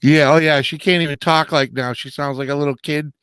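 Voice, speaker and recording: A man's voice: on the high side, fairly even intonation, fairly quick, fairly bright tone, clear, resonant tone, no room sound, studio quality. A man hosting a casual late-night live chat, laid-back and drawling, greeting viewers by name while coming down with a cold. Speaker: live stream host.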